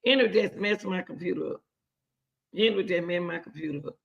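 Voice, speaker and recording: A woman hosting casual reaction commentary, excitable and chatty, repeating herself often. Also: fairly low pitch, a little fast, gravelly, muffled recording. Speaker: commentary host.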